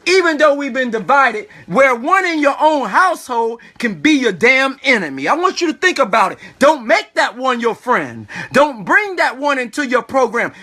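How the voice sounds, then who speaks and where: Animated, high-voiced man giving a preachy talk. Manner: preachy, animated, keeps asking "all right?"; repeats "think about it". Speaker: online video host. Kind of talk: motivational talk.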